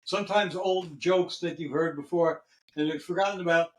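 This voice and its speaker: A man's voice: fairly high pitch, moderate pace, slight background noise. A man hosting a casual podcast chat, trading jokes in a laid-back way and wrapping up the show. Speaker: podcast host. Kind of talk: casual chat, joke-telling.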